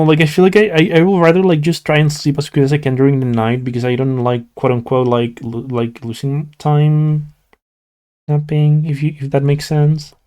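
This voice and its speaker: Mellow-voiced sleepy young man rambling. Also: a little high. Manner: rambling, many "like" fillers and restarts. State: sleepy, yawning. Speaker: streamer. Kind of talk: casual chat with live chat while drawing.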